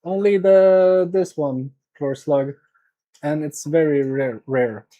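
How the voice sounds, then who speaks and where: A man's voice: mid-range voice, steady tone, takes it slowly, narrow, tinny audio, a little hiss or hum. A man from Sweden chatting casually with his live chat while repairing electronics, often muttering to himself as he works.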